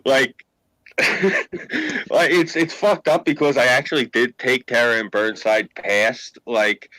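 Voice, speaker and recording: Brief: New York man, bright forceful voice, dry close sound, swearing storyteller. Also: lowish voice, no echo, poor audio. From Queens, New York. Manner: profane, animated storyteller. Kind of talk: casual chat.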